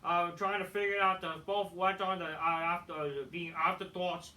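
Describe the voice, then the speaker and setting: A man's voice: high-pitched, little pitch movement, normal speed, bright, forceful tone, poor audio. A man reading a self-congratulating female wrestler promo. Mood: proud.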